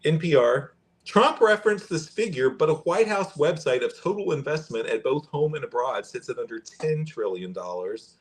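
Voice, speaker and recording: A man's voice: a little high, animated. A man hosting a podcast, reading fact checks aloud and commenting in a conversational way. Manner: conversational, pauses and restarts while reading aloud. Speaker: podcast host.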